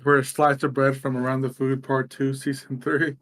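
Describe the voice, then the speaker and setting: A man's voice: medium pitch, monotone, moderate pace, fairly bright tone. A young man co-hosting a live podcast, blunt and wisecracking, swearing freely. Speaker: podcast co-host. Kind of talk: casual live stream banter.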